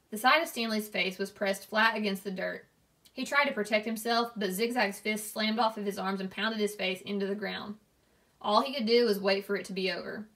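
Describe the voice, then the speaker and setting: Female reader, steady read-aloud narration of a novel. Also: medium pitch. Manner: steady, clear storytelling.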